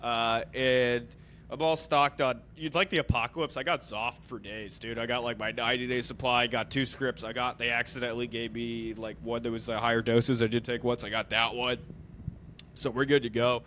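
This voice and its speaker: A young man co-hosting a podcast in casual comedic chat, joking and slipping into high, exaggerated voices when quoting people. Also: level tone, moderate pace, pushed and bright, slight background noise. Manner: jokey, slips into exaggerated high voices for quotes. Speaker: podcast co-host.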